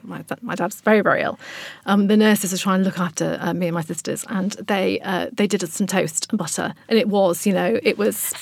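Female host, mid-pitched, relaxed, dry studio sound. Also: brisk, vocal fry, no echo. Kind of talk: casual discussion.

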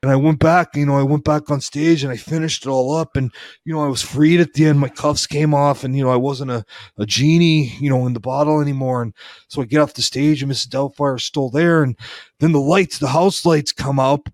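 A man's voice: a little high, darkish tone, no room sound, clean studio sound. A man telling long rambling comedic stories about his career, full of fillers and restarts. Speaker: former wrestling referee telling stories.

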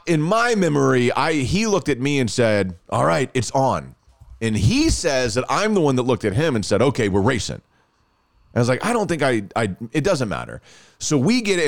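A man, hosting a podcast and telling a story in a casual, animated way, laughing often and restarting phrases. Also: medium pitch, no echo, clean studio sound. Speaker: podcast host.

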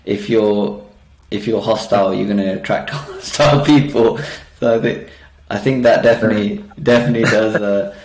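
A man's voice: on the low side, fairly even intonation, normal speed, echoey room, a crowd in the background, rough recording. A man hosting a podcast, asking questions in a friendly, casual way with frequent fillers and reactions. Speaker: podcast host. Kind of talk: casual interview.

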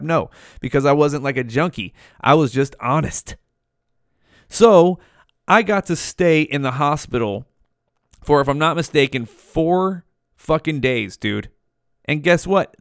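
A man's voice: fairly high pitch, no room sound, studio quality. A man in his forties telling a story from his youth in a laid-back, casual way, swearing a lot and saying "dude" often.

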